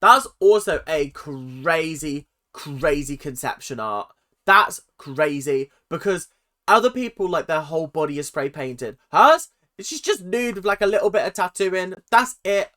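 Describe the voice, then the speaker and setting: A British man chatting through a reaction video, his voice sitting a bit high and bright, and he keeps breaking into laughs and little impressions of the show. The commentary is loose and offhand, like a running chat with viewers. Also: expressive, measured pace. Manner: chatty, laughing, mimicking lines.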